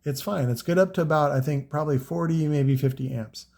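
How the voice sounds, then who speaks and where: Gravelly man rambling about car audio. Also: on the high side, brisk, darkish tone. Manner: rambling, frequent fillers and profanity. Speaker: car audio seller reviewing products. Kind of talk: casual unscripted product talk.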